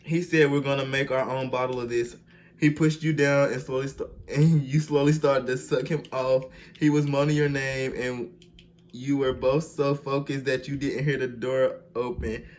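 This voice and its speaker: A young man hosting a video, reading fan fiction aloud with slangy, animated, mock-outraged commentary and bursts of sing-song. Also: mid-range voice, moderate pace. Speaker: video host.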